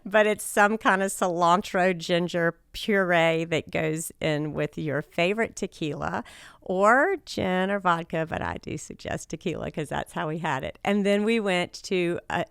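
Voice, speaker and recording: Raspy-voiced woman podcast host. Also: on the low side, fairly bright tone, dry recording, studio quality. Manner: chatty, enthusiastic storytelling. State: raspy voice after a loud night. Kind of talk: casual solo podcast talk.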